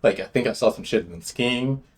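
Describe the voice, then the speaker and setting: A man hosting a commentary show, talking in a brash, swaggering and profane way, jumping from loud bursts to muttered asides. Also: medium pitch, a little fast. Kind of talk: opinionated commentary monologue.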